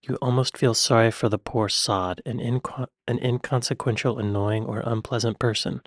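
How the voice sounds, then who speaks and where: A man's voice: medium pitch, steady tone, normal speed, no room sound, studio quality. An American man hosting a reaction video, musing and amused as he reacts casually. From United States. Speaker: reaction channel host.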